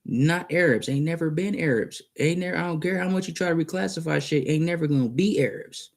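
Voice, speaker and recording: A man's voice: a little high, a little fast, vocal fry. A man rambling and cursing in a casual monologue, arguing back and forth with himself. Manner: profane, rambling, argues with himself.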